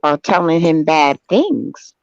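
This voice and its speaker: A woman co-host giving calm, reassuring advice in a casual chat. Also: deep voice, slow pace, dry recording. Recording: dull, lo-fi sound.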